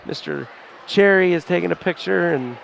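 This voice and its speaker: Gravelly stuffed-up basketball announcer, man. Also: high-pitched, moderate pace, a bit bright. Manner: fond, folksy, often near tears. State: stuffed-up nose. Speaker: play-by-play announcer. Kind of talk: live high school basketball commentary. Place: school gymnasium, in the stands. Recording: gym crowd noise behind the voice.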